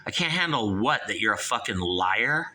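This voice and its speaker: A man's voice: lowish voice, sing-song, normal speed, pushed and bright. A man hosting a call-in show, ranting heatedly and swearing.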